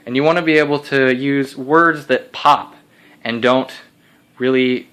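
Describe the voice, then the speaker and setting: Young man, college student, casual instructional talk, earnest, rambling, mid pitch. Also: steady tone, unhurried, a bit bright, smooth. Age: young adult. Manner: earnest, rambling explainer with restarts.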